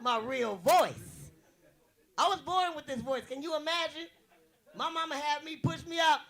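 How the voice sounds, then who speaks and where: A young woman from the US West Coast doing a brash, bawdy stand-up comedy routine with a big voice and loud punchlines. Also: high-pitched, a little slow.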